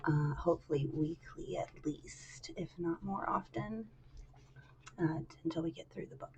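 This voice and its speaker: A woman streamer reading a novel aloud, talking softly and quietly with casual fillers. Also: deep voice, measured pace, dull audio, a little hiss or hum.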